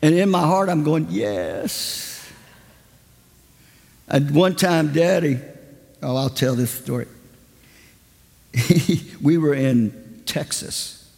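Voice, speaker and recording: Preacher guy spinning stories in a sermon, pretty high voice, long church echo. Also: slow, gravelly, pauses often. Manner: animated, anecdotal, acts out quotes. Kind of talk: sermon storytelling.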